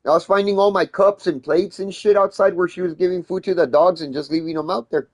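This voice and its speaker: A man tells a heated story in casual conversation. He curses constantly and gets loud when he replays arguments. His voice sits a little high for a man. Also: steady tone, brisk.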